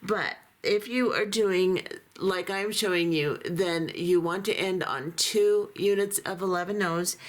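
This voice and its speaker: A woman giving a calm, methodical beading tutorial, talking through each step as she works, her voice a little hoarse. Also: medium pitch. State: voice going hoarse. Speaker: beading instructor.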